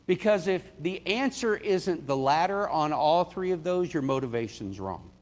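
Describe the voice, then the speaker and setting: A man's voice: expressive, moderate pace. A man preaching a sermon in a conversational way, acting out the quoted lines. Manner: conversational, acts out quotes with rising pitch. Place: church sanctuary. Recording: church hall reverb.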